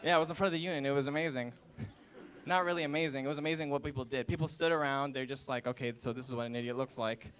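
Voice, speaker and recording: A stand-up comedian in his twenties performs a college set, telling stories and acting out family members and strangers before a laughing audience. His voice is a little high, with a fairly bright tone.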